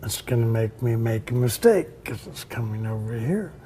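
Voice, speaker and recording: A man's voice: mid-range voice, expressive, normal speed, mellow, a little hiss or hum. An older man, a tennis coach and interview guest, telling stories in conversation and acting out the people in them. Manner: reflective, acts out the people in his anecdotes. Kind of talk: storytelling in a conversation.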